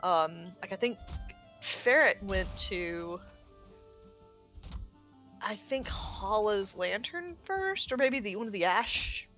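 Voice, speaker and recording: A woman talking casually while playing a game on stream, chatty and expressive, often pausing on "um" and tossing in a mild curse. Her pitch sits at a middling level for a woman. Faint music plays underneath. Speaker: streamer co-host. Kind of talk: casual chat while gaming.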